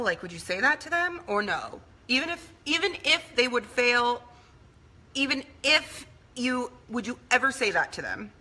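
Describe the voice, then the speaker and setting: A woman's voice: on the high side, lively intonation, moderate pace, pushed and bright. A woman in her thirties giving a conversational motivational talk in an earnest, personal way. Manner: earnest, conversational, acts out quoted voices. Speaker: speaker.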